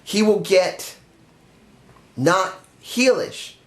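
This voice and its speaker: Emphatic man pitching a storyline. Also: very slow, fairly bright tone. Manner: earnest, emphatic, repeats himself. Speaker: wrestling fan pitching a storyline. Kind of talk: casual fantasy-booking monologue. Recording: roomy echo.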